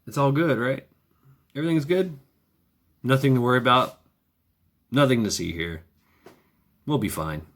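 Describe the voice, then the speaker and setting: A man's voice: mid-range voice, normal speed, long pauses, fairly bright tone. A man talking in a casual, rambling monologue, sardonic and profane, chuckling often. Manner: wry. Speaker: vlogger.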